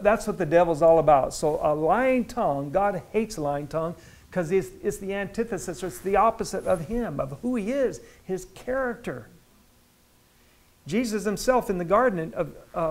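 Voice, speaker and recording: Pastor guy teaching bible study in church, kinda high voice, repeats himself, gets loud on the big points. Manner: conversational, repeats words, rises to emphatic loud stretches.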